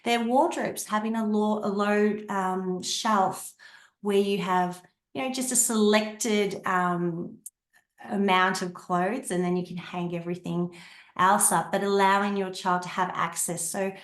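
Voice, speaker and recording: A woman explaining parenting tips in a gentle way, with many ums, and acting out warm phrases she would say to a child. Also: medium pitch, fairly even intonation, a little slow, roomy sound. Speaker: Montessori parenting guest.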